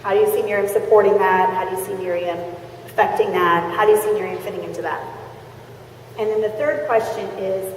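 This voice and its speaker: A woman's voice: mid-range voice, fairly even intonation, fairly quick, a little hiss or hum. A woman sales trainer giving a chatty motivational training talk, acting out scenarios and checking in with the audience, recorded in a large convention hall. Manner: chatty, tag questions, acts out scenarios. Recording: echoey convention hall from far off.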